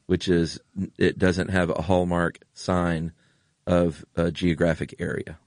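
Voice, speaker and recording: Deep-voiced, gushing American podcast host. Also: male voice, level tone, slow pace, a little mellow, no echo, clean studio sound. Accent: General American. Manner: enthusiastic, gushing. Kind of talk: casual chat.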